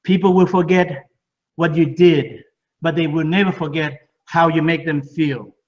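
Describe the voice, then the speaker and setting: Distant, muffled man pitching with excitement. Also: measured pace. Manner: repeats words, broken English phrasing. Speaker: speaker at a home business party. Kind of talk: enthusiastic sales pitch. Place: living room of a home party.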